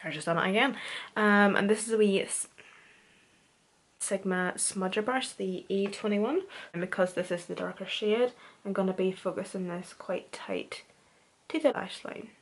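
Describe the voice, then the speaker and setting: A woman's voice: medium pitch, normal speed. A young woman from Northern Ireland with a Northern Irish accent, talking casually through a makeup tutorial in a chatty, self-deprecating way. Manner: chatty, self-deprecating, says "wee" a lot. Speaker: beauty vlogger.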